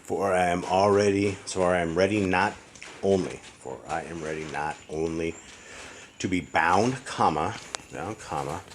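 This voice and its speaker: Deep male voice for a slow, deliberate proofreading read-through, punctuation spoken aloud, faint background noise. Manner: slow, deliberate read-aloud with spelled-out words and quick asides. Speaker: scripture proofreader. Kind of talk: dictating a text aloud, line by line. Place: house with barking dogs nearby.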